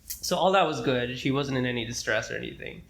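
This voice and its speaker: A young man co-hosting a casual podcast, telling a story from his hospital rotation in a loose, rambling way. He swears freely, clears his throat often and slips into voices for the people in his story. His pitch sits in an ordinary middle range. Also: animated, a little fast, a bit bright. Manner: rambling, profane, acts out quoted dialogue, frequent throat clearing. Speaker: podcast co-host, medical student.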